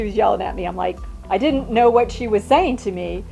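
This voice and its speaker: An older woman and mother telling travel stories in a chatty, animated way, with many restarts. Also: mid-range voice, fairly quick, vocal fry, faint music behind. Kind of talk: casual storytelling.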